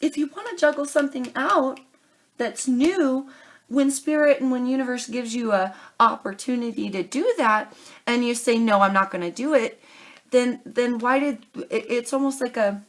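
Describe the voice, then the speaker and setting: A woman's voice: on the high side, moderate pace. A young adult woman doing a tarot reading to camera, earnest and pleading, calling her listeners darling and baby. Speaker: tarot reader.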